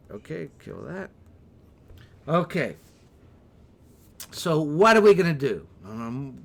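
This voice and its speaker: A man preaching a Bible teaching sermon on a livestream, animated, with asides and rhetorical questions. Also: mid-range voice. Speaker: pastor.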